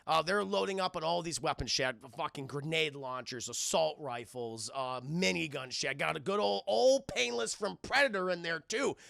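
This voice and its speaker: Young streamer guy recapping a movie, swears a lot, very gravelly, high bright voice. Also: no room sound, clean studio sound. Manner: animated, profane, keeps addressing chat. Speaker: streamer and film reviewer. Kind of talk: casual live-stream film recap.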